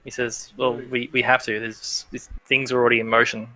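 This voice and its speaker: A man's voice: medium pitch, flat delivery, fairly quick, pushed and bright. A man narrating as game master of a tabletop role-playing game, hesitant and full of fillers and restarts.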